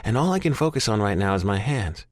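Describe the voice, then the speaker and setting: A man's voice: lowish voice, very animated, fast talker, dry recording, clean studio sound. A man narrating a first-person romance audiobook in a raw, emotional, profanity-laced way.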